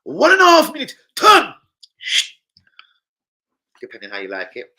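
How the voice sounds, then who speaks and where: A man from puts on a flamboyant chef, calling each step of cooking a steak in short, clipped commands. The voice sits high and jumps up to near-shouts, with a bright, sharp edge. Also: wildly swooping pitch, a little slow, full character voice. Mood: showy. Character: showy male chef demonstrating steak, theatrical.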